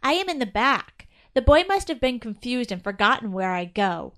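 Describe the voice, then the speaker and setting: A woman's voice: a little high, very animated, normal speed, a bit bright. A woman voicing a worried, earnest male Christmas ornament.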